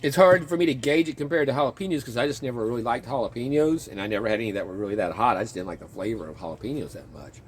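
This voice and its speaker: A man casually chatting in his garden outdoors, rambling and chuckling as he talks, with a relaxed, self-interrupting way of speaking. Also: medium pitch, very fast, few pauses, a little hiss or hum. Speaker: vlogger and home gardener.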